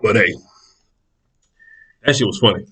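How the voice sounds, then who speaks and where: This man's husky, lowish voice comes through poor audio as he tells a story at a measured pace. The monologue is casual and animated, peppered with swearing, and he acts out the people he describes.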